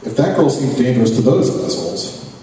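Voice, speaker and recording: A man's voice: medium pitch, animated, brisk, mellow, slight background noise. A man giving a live reading of his own fiction in a sardonic, profane first-person voice, captured at a reading event. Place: reading event venue, hall. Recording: echoey hall from far off, faint ambience.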